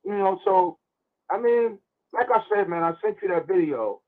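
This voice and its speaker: High, lively male caller, gravelly, tinny phone line. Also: moderate pace. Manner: animated, stumbles and repeats words. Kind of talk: call-in radio commentary.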